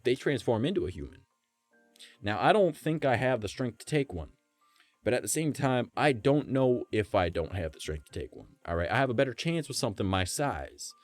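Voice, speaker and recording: A man streaming live, telling a story in a loose, profane, animated way and keeping the listener with him through repeated "right?" asides. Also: mid-range voice, moderate pace, no room sound, soft background music.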